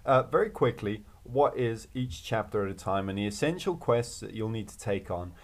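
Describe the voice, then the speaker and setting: A man with a slightly low voice talks viewers through a video game as he plays. His delivery is casual and upbeat, chatty and joking, as he shares tips and thoughts along the way. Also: expressive, normal speed. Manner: upbeat, chatty and jokey, with playful rhymes and laughs. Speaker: video game walkthrough host. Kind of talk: casual gameplay commentary.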